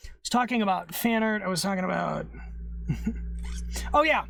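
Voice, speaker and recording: A streamer in casual chat who coughs and clears their throat often, loses their train of thought, restarts sentences and swears. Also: medium pitch, normal speed, fairly bright tone, a little hiss or hum. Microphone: streaming setup, private call.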